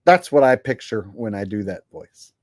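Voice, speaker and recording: A man's voice: on the low side, lively intonation, normal speed, no room sound. Male stream host, casual and crude, dry voice. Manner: crude, joking, laughs often. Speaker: livestream host. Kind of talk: casual commentary.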